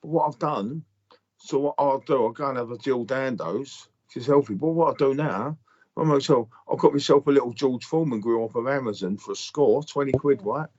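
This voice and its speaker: A man's voice: mid-range voice, brisk, a little mellow, dull audio. A middle-aged man, telling blunt, sweary stories in casual podcast chat. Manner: blunt, sweary ranting storyteller. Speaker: podcast co-host.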